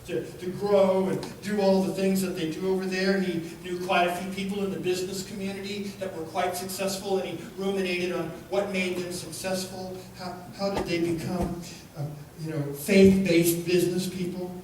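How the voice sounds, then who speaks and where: A man preaching, telling a story in an unhurried, halting way, recorded in a church. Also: high voice, flat delivery, darkish tone, slight background noise. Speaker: pastor. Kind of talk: sermon storytelling. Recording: echoey church from far off.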